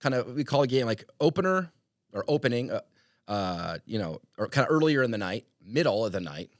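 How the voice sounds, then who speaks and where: A young man, a wedding DJ, chatting on a podcast in an animated, emphatic way and laughing often. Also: mid-range voice, brisk, no echo, clean studio sound. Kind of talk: casual podcast chat.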